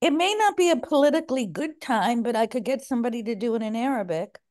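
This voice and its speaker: A woman's voice: on the high side, lively intonation, fast talker, darkish tone. A woman in an online meeting talking in a playful, coaxing way, drafting others to help. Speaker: meeting participant. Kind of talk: casual online meeting talk.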